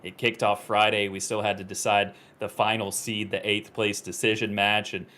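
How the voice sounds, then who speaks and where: A man commentating live on an esports final, his voice climbing high at big moments. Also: flat delivery, normal speed, pushed and bright.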